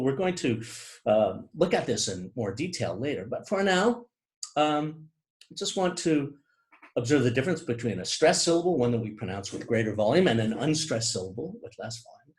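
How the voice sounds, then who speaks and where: A man lecturing to camera in an explanatory, example-led way, stopping for asides and restarting his sentences. His pitch rises and falls in a lively way. He taps out rhythms with spoken beats. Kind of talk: recorded lecture.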